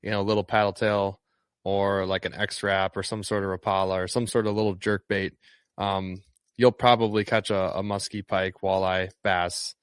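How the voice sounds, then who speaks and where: A man from Northeast Wisconsin with a lowish voice, chatting loosely about his guiding work, full of ums and false starts. The sound is dry and close, with no room around it. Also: normal speed, smooth, dry recording. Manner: relaxed, rambling, lots of ums and restarts. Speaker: fishing guide. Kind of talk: casual interview chat.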